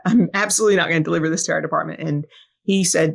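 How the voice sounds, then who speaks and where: A woman fire battalion chief talks fast in a low-pitched voice with vocal fry while telling a personal story on a podcast. She's earnest and reflective, and her speech is full of ums and uhs.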